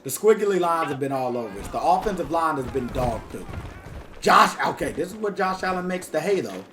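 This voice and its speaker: Man, casual game commentary, slangy and hyped, higher-pitched voice, noticeable background noise. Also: big pitch swings, a little fast, sharp tone. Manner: hyped, talks to viewers as y'all, slangy. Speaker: gaming YouTuber.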